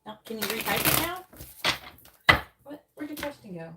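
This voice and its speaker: A woman's voice: a little high, sing-song, moderate pace, long pauses, very noisy. Blunt, cursing tarot-reading woman. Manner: frustrated, swearing, blunt. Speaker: psychic tarot reader. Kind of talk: live-stream tarot reading.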